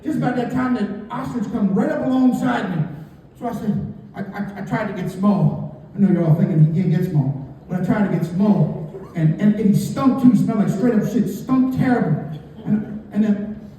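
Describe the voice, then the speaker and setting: A man performing a stand-up comedy set, telling stories in an animated way and acting out the people in them. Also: high-pitched, moderate pace, a little hiss or hum. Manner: animated storytelling, screams and acts out characters. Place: outdoor stadium comedy night. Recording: echoey stadium from a far mic.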